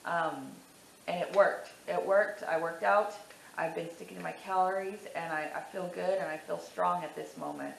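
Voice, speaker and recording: A woman's voice: on the low side, animated, normal speed, vocal fry, reverberant, slight background noise, low-quality recording. A woman talking candidly to camera about her weight loss, emotional and teary, repeating herself for emphasis. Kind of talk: casual to-camera vlog.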